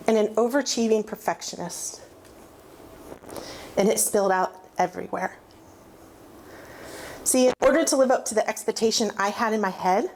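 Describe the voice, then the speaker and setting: A woman's voice: medium pitch, a little mellow, a little hiss or hum. A woman in her forties giving a personal testimony, candid and self-mocking as she tells her story. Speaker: recovery testimony speaker.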